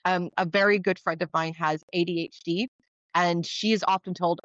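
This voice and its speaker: A woman talking casually as a podcast guest, laughing often and acting out quoted people in a higher voice. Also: steady tone, normal speed, a bit bright, no echo. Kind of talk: casual interview conversation. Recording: dull dry lo-fi sound.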